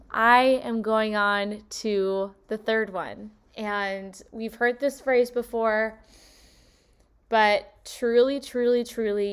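A woman's voice: on the high side, smooth. A woman in her late twenties hosting a solo podcast, talking in a bubbly, effusive way and gushing with wonder. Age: 20s. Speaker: podcast host. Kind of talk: casual solo podcast monologue.

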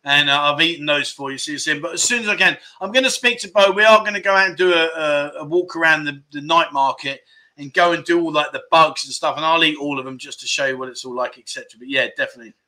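Bright chatty man hosting livestream. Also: a little high, fast talker. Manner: chatty, jokey, thanks viewers by name. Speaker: livestream host. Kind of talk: casual livestream chat reading comments.

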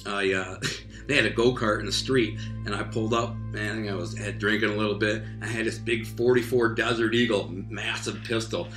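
A streetwise man telling a rough story from his past in loose, casual talk. His voice is bright and forward, and he acts out voices and sound effects. The room rings with echo, and faint music plays behind him. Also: lowish voice, steady tone, moderate pace.

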